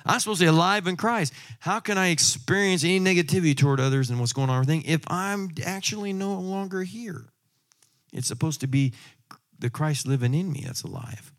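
A man preaching a sermon, emphatic, moving from loud exhortation to quiet asides and humorous personal stories. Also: on the high side, a little fast.

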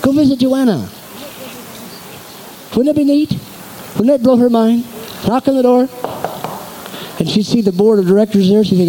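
A man preaching a sermon as pastor to his congregation, animated and exhorting, in a church. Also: very high voice, moderate pace, pauses often, slight background noise, poor audio.

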